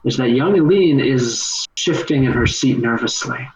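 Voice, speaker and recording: A man working as game master of a tabletop role-playing game, narrating scenes in a relaxed, rambling way. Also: medium pitch, moderate pace, poor audio.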